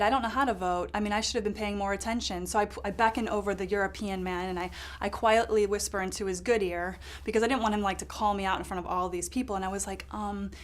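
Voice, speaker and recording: An actress playing a ditzy, self-absorbed lifestyle correspondent in a comedy sketch, rambling through a story with lots of fillers. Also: female voice, medium pitch, natural voice. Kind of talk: improvised comedy sketch monologue.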